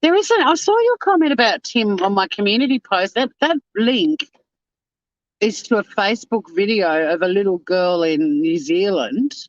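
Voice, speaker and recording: A chatty livestream host talking loosely to viewers, cursing freely and laughing along. The voice sits at a middling pitch. The sound is dull and lo-fi, close and dry. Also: animated, moderate pace, no echo. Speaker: livestream host reading chat. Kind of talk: casual live chat.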